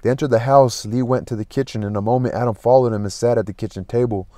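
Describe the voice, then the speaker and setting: A man reading a classic novel aloud as an audiobook, in a steady, unhurried way. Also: mid-range voice, no echo, clean studio sound. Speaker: audiobook narrator.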